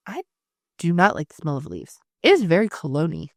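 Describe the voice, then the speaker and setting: A woman's voice: sits low, wildly swooping pitch, brisk, dry recording, studio quality. A woman in her thirties co-hosting a podcast, rambling casually, swearing freely and laughing often. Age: 30s. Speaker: podcast co-host. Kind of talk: casual chat.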